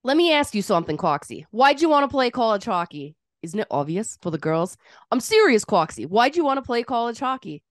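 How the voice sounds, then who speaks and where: A woman's voice: fairly high pitch, big pitch swings, fairly quick, dry recording, studio quality, pitched above the performer's own voice. A woman doing an impression of a brash young male college hockey player with a put-on Boston accent, tough and defiant. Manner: tough, defiant, goes hard.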